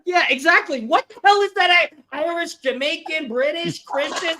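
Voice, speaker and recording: A man's voice: very high voice, moderate pace, sharp tone. A man hosting a casual live-stream game show, laughing often and reading viewer chat aloud.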